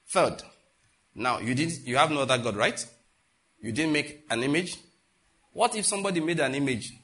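A man preaching a sermon as pastor, emphatic, asking his congregation rhetorical questions. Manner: emphatic preaching, rising and dropping in pitch and loudness.

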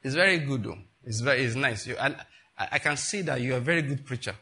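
A man's voice: mid-range voice, fast, pushed and bright. A man preaching a sermon in a conversational way, with rhetorical questions and laughing asides. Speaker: pastor.

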